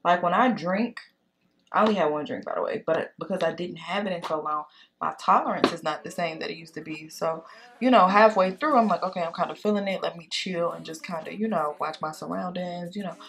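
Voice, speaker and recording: A woman's voice: lowish voice, a little fast, slight background noise. Sassy woman dishing a date story. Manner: animated, sassy storytelling, calls listener girl and baby. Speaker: beauty vlogger. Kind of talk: casual storytime chat during makeup tutorial.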